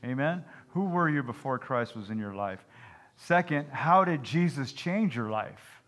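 A male pastor delivers a folksy sermon in a mid-pitched voice. He weaves jokes into his preaching and keeps checking in with the congregation with "Amen?" and "okay?". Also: expressive, unhurried, a bit bright.

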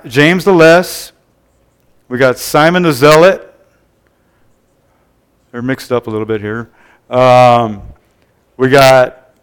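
Male preacher, smooth clear tone, easygoing teaching style, keeps asking the room for an "amen.". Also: mid-range voice, fairly bright tone. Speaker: pastor. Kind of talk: sermon. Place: church service before a congregation.

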